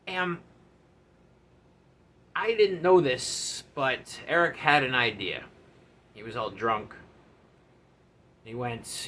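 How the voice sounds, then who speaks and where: A man, a former enlisted soldier, telling a story from his service days in a casual, animated, profane way. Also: medium pitch, slow pace, pauses often.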